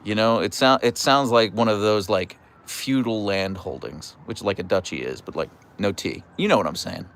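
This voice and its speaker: A young man hosting a casual live stream and answering chat in a playful, animated way, with mock outrage and stammered restarts. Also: on the low side, normal speed, creaky, few pauses. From United States. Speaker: livestream host reading chat.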